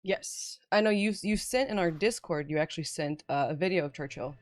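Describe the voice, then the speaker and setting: A woman's voice: lowish voice, fairly quick, no echo. A woman hosting a casual game stream, chatting with a guest and reading chat aloud with frequent laughter. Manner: bubbly, laughs often, reads chat aloud. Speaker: streamer host.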